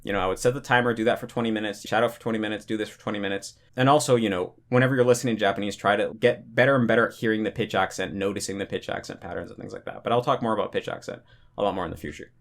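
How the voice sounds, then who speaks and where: A young man gives casual talking-head advice about learning languages, relaxed and rambling, peppering his talk with "you know" and "like." His voice is fairly low, and he races along.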